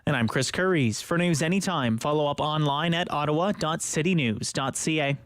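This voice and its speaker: A man reading the radio news in a brisk, even newsreader delivery. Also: fairly high pitch, background noise. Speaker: radio newscaster.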